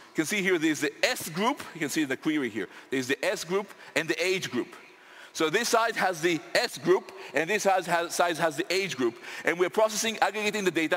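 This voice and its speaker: A man giving a lively live product demo on stage in a large conference hall, stirring up the audience. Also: high-pitched. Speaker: tech demo presenter. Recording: echoey hall with crowd noise.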